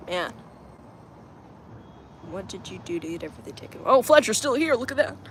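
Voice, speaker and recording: A woman's voice: medium pitch, sing-song, brisk, fairly bright tone, slight background noise. A woman livestreaming from home on her phone, chatting casually with viewers, reading their comments aloud and laughing often. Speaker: livestream host.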